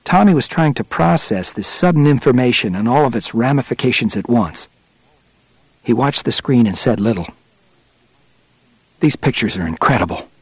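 A man narrating a nonfiction adventure audiobook in a steady, measured storytelling manner. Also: medium pitch, slightly rough, no room sound.

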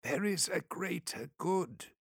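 A man voicing a frail alien diplomat who speaks in a dry, hoarse whisper. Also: high voice, expressive, slow pace, a bit bright, dry recording, voice pushed up, exaggerated voice. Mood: pleading whisper. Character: frail hissing alien diplomat, desperate and pleading.

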